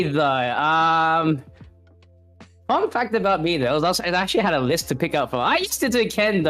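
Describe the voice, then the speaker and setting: A man, guesting on a casual online chat show. He talks a little higher than most men and rambles through his stories. He pokes fun at himself and keeps tacking "though" and "whatnot" onto his sentences. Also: fairly bright tone. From Australia. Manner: rambling, self-deprecating, often tags sentences with "though" and "whatnot".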